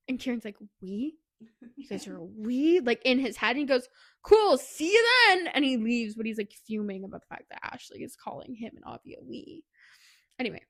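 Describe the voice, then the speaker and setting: A woman's voice: on the high side, fairly bright tone, dry recording, studio quality. A woman co-hosting a book podcast, casually retelling a story and acting out the characters' lines, with "like" in nearly every sentence. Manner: rambling retelling full of "like", acting out quotes. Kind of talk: casual book recap chat.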